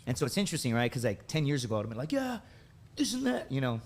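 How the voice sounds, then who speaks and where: Man, thirties, casual storyteller, mid-pitched voice, animated. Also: very fast. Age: 30s. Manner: animated, says "dude" and "right?" often. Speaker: podcast guest.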